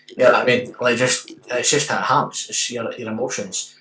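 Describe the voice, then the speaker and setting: A man's voice: medium pitch, a little fast. A Scottish man in his twenties, a podcast host telling stories in casual chat, swearing often. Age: 20s. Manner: swearing, animated storytelling. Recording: roomy, distant mic with faint hum.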